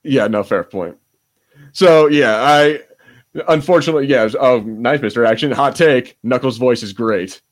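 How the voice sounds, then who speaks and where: A man's voice: medium pitch, measured pace. Podcast guy, rambles, jokes around, swears a bit, easygoing. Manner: rambling, joking, swears casually. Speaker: podcast co-host. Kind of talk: casual podcast chat.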